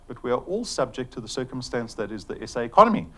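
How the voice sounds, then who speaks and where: Joking South African business presenter. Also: male voice, mid-range voice, sing-song, fast. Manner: chatty and joking, with fillers. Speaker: company executive presenting to an audience.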